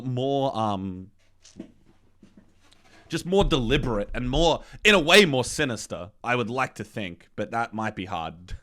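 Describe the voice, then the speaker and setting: Guy streaming a game, swears a lot and rambles, lively pitch, game music playing. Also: normal speed. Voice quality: profane, rambling speech. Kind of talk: casual game commentary.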